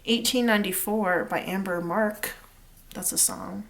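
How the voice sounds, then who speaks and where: A woman's voice: mid-range voice, unhurried, fairly bright tone. A woman giving a casual pick-a-card tarot reading, chatty and rambling with lots of fillers. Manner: chatty and rambling, many fillers, sings snatches of lyrics. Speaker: tarot reader.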